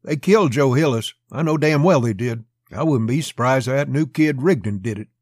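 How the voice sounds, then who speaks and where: Man playing a young western lawman, hateful, biting, loud, high-pitched, husky edge. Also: lively intonation, moderate pace, no room sound, clean studio sound, lightly acted. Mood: hostile. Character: hot-headed young male customs officer.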